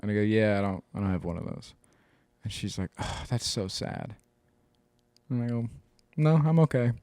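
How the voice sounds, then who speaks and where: A man's voice: fairly low pitch, moderate pace, gravelly, darkish tone, no echo. A man co-hosting a podcast in casual chat, telling stories animatedly, mimicking other people and swearing freely. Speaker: podcast co-host.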